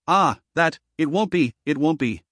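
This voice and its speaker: A man's voice: a little high, expressive, a little slow, a bit bright, no echo, clean studio sound. A man voicing a sheepish, worn-out young male fighter in a fantasy audiobook, apologetic and stammering.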